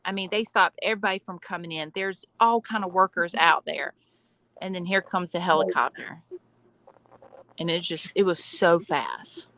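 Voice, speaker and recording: A woman telling a story in a casual group chat, talking quickly with asides. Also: on the low side, bright, forceful tone, slight background noise, rough recording.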